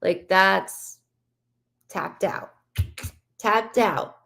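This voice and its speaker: Soft-spoken woman medium, slightly gravelly. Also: medium pitch. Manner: relays a spirit's words in first person; soft, halting, full of restarts. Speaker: psychic medium. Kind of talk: live-stream reading.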